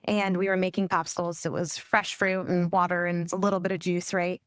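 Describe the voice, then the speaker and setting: A woman's voice: on the low side, flat delivery, a little fast, dry recording. A woman who coordinates a grief program, talking casually as a guest and often saying "like" and "right?". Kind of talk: casual storytelling and explaining.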